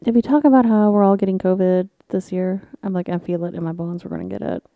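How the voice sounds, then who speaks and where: Co-host woman, loose and profane, mid pitch, dry close sound, storyteller. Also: brisk, no room sound, narrow, tinny audio. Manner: swearing, laughing, animated storytelling with voices. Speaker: podcast co-host. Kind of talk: casual chat.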